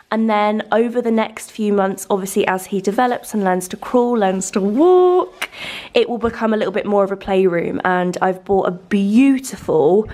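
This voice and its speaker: A woman's voice: medium pitch, darkish tone. A young woman chatting casually to camera about her home and family, full of fillers and gushing asides. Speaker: lifestyle vlogger. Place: home with farm animals nearby.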